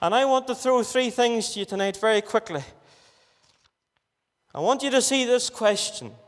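A man's voice: very high voice, expressive, moderate pace. A man with a Northern Irish accent preaching a fervent gospel sermon, stretching out repeated phrases. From Northern Ireland. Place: gospel hall. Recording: reverberant hall.

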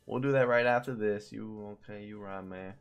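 A young man commentating his own slot stream, pleading with the game, swearing and getting excited. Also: fairly low pitch, normal speed, smooth, faint music behind. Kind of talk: live gambling stream commentary.

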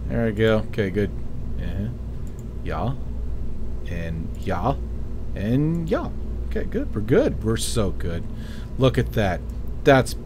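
A man's voice: fairly low pitch, big pitch swings, unhurried, pauses often, noisy background. A man casually commenting while playing a space-building game, joking around and muttering to himself. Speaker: gaming streamer.

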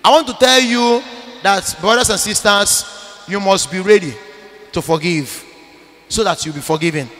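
A man, a Catholic priest, preaching a sermon emphatically, repeating phrases and breaking into sudden loud bursts. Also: high-pitched, moderate pace, long reverb tail.

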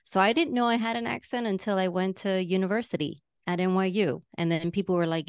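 A woman in her forties from Queens, New York, with a mild Latina-tinged New York accent, speaking as an animated, effusive podcast guest. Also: medium pitch, clear, resonant tone, no echo. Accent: New York with a slight Latina tinge. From Astoria, Queens, New York. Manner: animated, effusive, quick to laugh. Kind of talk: casual interview conversation.

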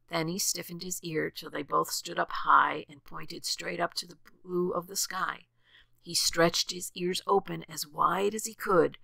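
An older woman reading a rhyming storybook aloud with expressive, sing-song rhythm. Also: lowish voice, unhurried, creaky, dry recording.

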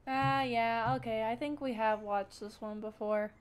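A woman's voice: on the high side, fairly even intonation, measured pace, a little hiss or hum. Casual woman reacting to videos. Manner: offhand, joking, talks to her cat.

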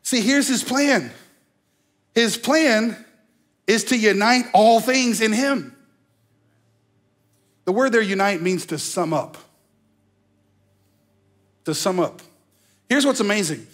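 A man preaching a sermon as pastor, animated, slowing down to stress key phrases and slipping into mock voices. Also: sits high. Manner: slows down for emphasis on key phrases. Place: church sanctuary.

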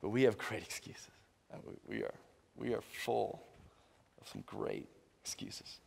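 A man preaching a sermon as pastor, animated, stumbling and restarting often, and acting out little dialogues. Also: fairly low pitch, unhurried, creaky, husky. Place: church sanctuary. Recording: reverberant church hall.

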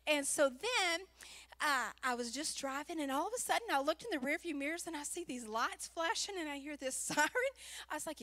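A woman speaking at a church, a pastor's wife telling an animated personal story within a sermon. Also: high-pitched, a little fast.

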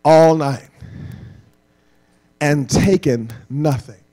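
A man voicing a blunt, weary fisherman, speaking low in a frustrated mutter. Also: very slow, warm tone.

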